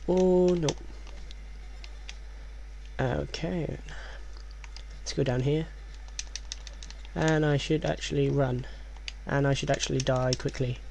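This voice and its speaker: A man doing let's play commentary in a hushed, low voice, rambling and reading game text aloud. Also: gravelly, slight background noise.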